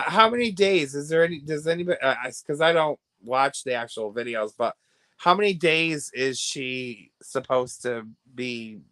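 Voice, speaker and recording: An American man hosting a casual livestream, gossiping and reacting to viewer comments, laughing often and swinging between hushed asides and loud bursts. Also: medium pitch, no room sound. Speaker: livestream host.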